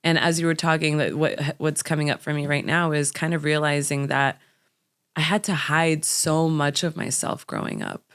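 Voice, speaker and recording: A woman's voice: sits low, little pitch movement, normal speed, a bit bright, clean tone. A young adult woman from the United States, a podcast guest speaking candidly and reflectively about personal experience. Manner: reflective, openly personal storyteller.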